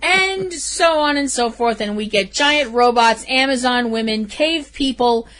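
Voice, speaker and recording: A woman's voice: a little high, a little slow, fairly bright tone. Exasperated woman ranting about a movie. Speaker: podcast co-host. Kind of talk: casual movie review chat.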